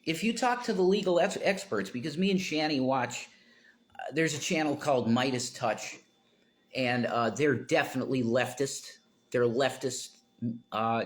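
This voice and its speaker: A man talking to viewers on his livestream in a rambling, tangent-prone way, breaking into emphatic outbursts. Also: medium pitch.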